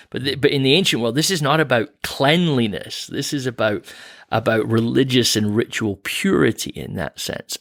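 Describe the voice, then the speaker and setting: A Canadian man co-hosts a Bible podcast, patiently explaining ideas with light chuckles and frequent restarts. His mid-range voice is gravelly, and the recording is dry and studio quality.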